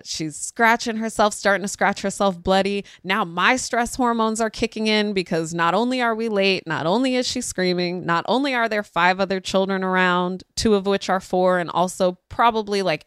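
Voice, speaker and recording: A woman, a parenting podcast host telling a story casually and acting out quoted voices with sudden pitch jumps. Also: a bit bright, clean tone, no echo, clean studio sound.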